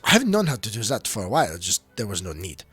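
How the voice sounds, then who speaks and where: Man doing a quiet, weary sorcerer. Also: lowish voice, huge pitch swings, fast, breathy edge, no echo, soft background music, pitched below the performer's own voice, heavily acted. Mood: subdued.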